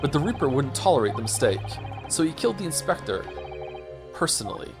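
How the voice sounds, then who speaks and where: A man's voice: a little high, very animated, fairly quick. A man reading a game aloud, voicing a cold, haughty aristocratic British prosecutor with formal old-fashioned diction. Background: game music.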